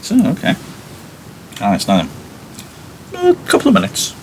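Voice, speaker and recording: A man's voice: high-pitched, wildly swooping pitch, normal speed, vocal fry, a little hiss or hum. Chatty wry male teacher. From United Kingdom. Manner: chatty, wry, self-mocking. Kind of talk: reading a play aloud with commentary.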